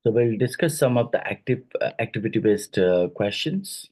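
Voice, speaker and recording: A man's voice: fairly low pitch, expressive, moderate pace, darkish tone, low-quality recording. A man with an Indian English accent teaching a lesson, going through exam questions step by step with many fillers.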